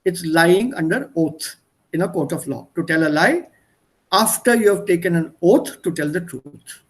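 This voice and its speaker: Male language tutor on a video call, high voice, patient and repetitive in his explanations. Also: lively intonation, moderate pace. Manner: patient, explains by repeating synonyms. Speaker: German tutor. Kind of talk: online one-on-one language lesson.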